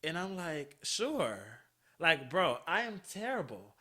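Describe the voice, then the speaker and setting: A podcast host tells a personal story in a casual, animated way, laughing often and swearing freely. His voice is fairly high, and he keeps a moderate pace.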